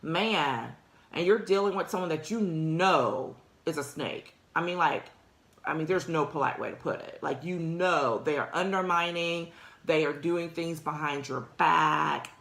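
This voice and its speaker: Low-voiced woman giving frank career advice. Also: measured pace, vocal fry, fairly bright tone, reverberant. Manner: conversational, emphatic, laughs often. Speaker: podcast host. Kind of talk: casual advice talk.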